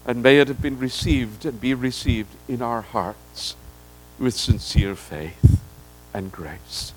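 A man's voice: mid-range voice, slow pace, poor audio. A man preaching a sermon to his congregation, speaking to them directly with rising and falling emphasis. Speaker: pastor. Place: church.

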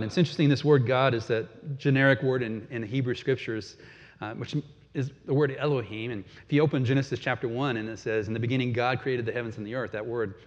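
A man preaching a sermon in a relaxed, conversational way, chuckling now and then and repeating words as he goes. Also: mid-range voice, long reverb tail, dull audio. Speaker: pastor.

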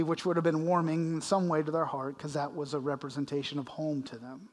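A man's voice: fairly high pitch, little pitch movement, brisk. A male pastor preaching, explaining scripture verse by verse and acting out the quoted lines with emphasis. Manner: expository preaching with dramatic readings of scripture. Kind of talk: sermon. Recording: long reverb of a large hall.

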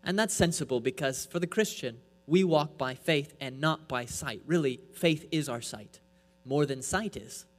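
A man preaching a sermon from the pulpit, pressing his point with rhetorical questions and swinging between loud and soft. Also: fairly high pitch, normal speed. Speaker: pastor. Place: church. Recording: echoey hall with mains hum.

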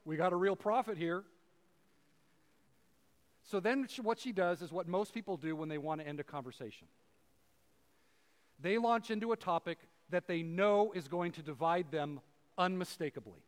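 A man with a high voice gives a loose, conversational sermon and acts out the people he talks about. His voice rings with a long reverb from a large hall. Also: moderate pace. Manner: casual and animated, acts out voices, many fillers. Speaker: preacher and professor.

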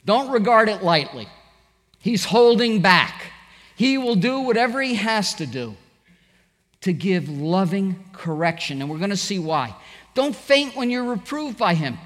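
A man's voice: high voice, big pitch swings, unhurried, fairly bright tone, long reverb tail. A middle-aged man preaching a sermon, telling stories animatedly and acting out the quoted voices. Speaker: pastor.

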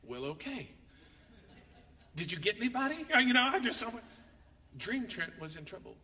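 A man preaching a sermon as pastor, reading scripture dramatically and telling stories with animated, acted-out quotes. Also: high-pitched, normal speed, big-room sound, far from the mic.

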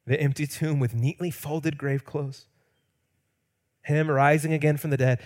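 Dynamic preaching man, mid-high voice. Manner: dynamic preaching, swinging between loud emphatic peaks and hushed quiet lines; acts out quoted lines in a playful voice. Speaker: pastor. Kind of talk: sermon.

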